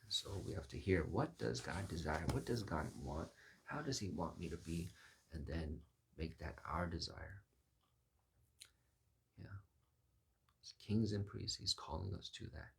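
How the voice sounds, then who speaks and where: A low-voiced man preaches a sermon with a gravelly, husky tone. He slips into lively voices to act out the Bible figures he talks about. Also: unhurried, long pauses.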